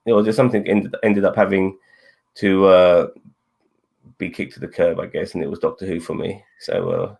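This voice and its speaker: A man's voice: low-pitched, lively intonation, moderate pace, creaky, a little mellow, breathy edge. A man in casual chat, talking loosely and hesitantly with many fillers.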